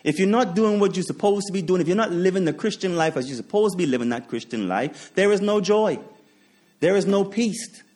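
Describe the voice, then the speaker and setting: High, expressive and a little fast, with a darkish tone, this man's voice carries a sermon built on emphatic repetition. He asks rhetorical questions and recounts personal stories, chuckling as he goes.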